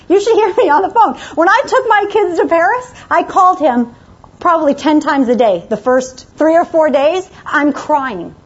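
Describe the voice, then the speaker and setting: A woman with a high voice delivers a motivational talk to an audience, pressing her points with emphatic, repeated commands. The recording is muffled and lo-fi. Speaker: motivational speaker.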